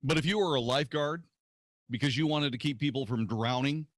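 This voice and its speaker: A man hosts a talk radio show from the studio, blunt and cutting, with a sarcastic edge. His voice sits at an ordinary middle pitch. The sound is close and dry, with no room around it. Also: brisk, no echo. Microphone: studio microphone.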